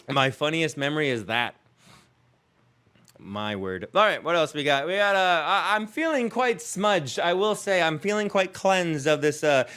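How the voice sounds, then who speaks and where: Comedy podcast host, man in his thirties, smooth clear voice, rambling self-mocking storyteller. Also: a little high, fairly bright tone. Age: 30s. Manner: self-mocking, chuckles through his own stories.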